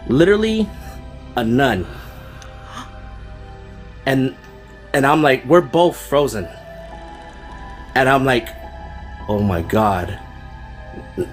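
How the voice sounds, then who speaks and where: A man telling a true ghost story in a casual, rambling way, full of fillers and slang. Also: on the high side. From Fresno, California. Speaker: storyteller guest.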